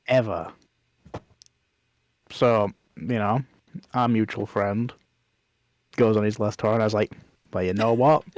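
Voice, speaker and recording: A man's voice: on the low side, level tone, slow, long pauses, darkish tone, dry recording. Laid-back young Englishman telling stories. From England. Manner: laid-back storyteller, laughs often, lots of "like". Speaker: podcast guest. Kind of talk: casual chat.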